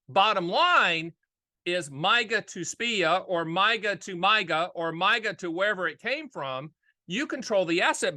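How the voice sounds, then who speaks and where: High, bright-voiced energetic male host. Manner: energetic, jokey, repeats phrases for emphasis. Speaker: annuity agent and show host. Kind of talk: casual monologue to camera.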